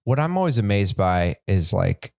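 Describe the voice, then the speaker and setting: Rambling podcast co-host, casual man, lower-pitched, dry recording. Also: very animated, normal speed, gravelly, clean tone, no room sound. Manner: rambling, many likes and restarts. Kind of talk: casual chat.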